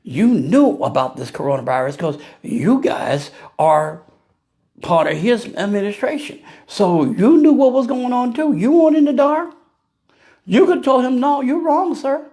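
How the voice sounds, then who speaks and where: A vlogger rants casually about politics to the camera, firing off rhetorical questions and laughing at his own jokes. His voice sits high, animated and darkish in tone, at normal speed.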